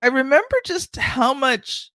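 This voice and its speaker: Chatty older woman host, high voice. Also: measured pace, sharp tone, no room sound. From Canada. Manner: chatty storyteller, acts out children's voices. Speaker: podcast host. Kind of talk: casual chat.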